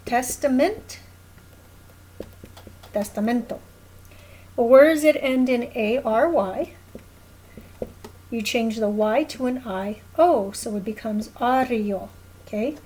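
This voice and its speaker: A woman's voice: fairly high pitch, takes it slowly, warm tone, breathy edge, poor audio. A woman teaching a recorded lesson, explaining patiently at a whiteboard and often checking in with "okay?". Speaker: Spanish teacher.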